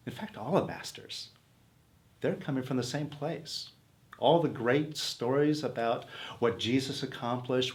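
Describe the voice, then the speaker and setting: A man teaching self-help in an earnest, coaxing motivational talk, posing questions to his listeners. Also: mid-range voice.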